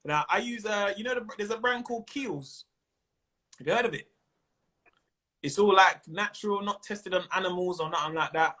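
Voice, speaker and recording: A man with a London accent, guesting as a comedian on a video call, chats casually and jokes around, full of slang and laughing often. His voice sits high with a sharp tone, at normal speed, and he pauses often.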